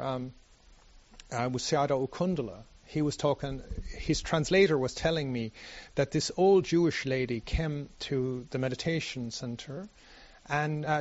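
A man giving a meditation teacher's dharma talk, halting often with restarts and "you know". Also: mid-range voice, muffled recording.

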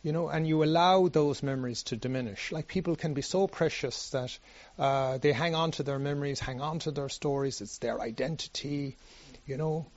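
A man giving a meditation teacher's dharma talk, halting often with restarts and "you know". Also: fairly high pitch, darkish tone, dry recording, lo-fi sound.

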